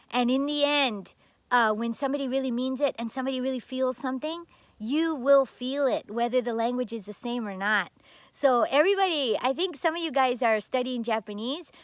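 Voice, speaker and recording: A woman's voice: high-pitched, a bit bright, no room sound. A woman in her fifties from the United States, telling stories in a chatty vlog with many fillers. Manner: chatty, with lots of fillers and tag questions. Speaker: vlogger. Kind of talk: casual storytelling vlog.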